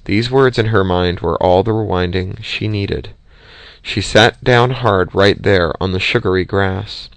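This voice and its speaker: A man reading an audiobook in a steady, measured way, close to the mic. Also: low-pitched, creaky, no echo. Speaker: audiobook reader. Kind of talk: audiobook narration.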